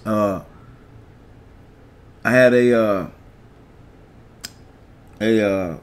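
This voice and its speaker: A middle-aged man delivers a sermon. He reads scripture in a slow, measured way and comments on each verse. He keeps checking in with his listeners by asking "all right?". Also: fairly low pitch. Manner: reads verses slowly, asks "all right?" after nearly every point. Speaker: preacher.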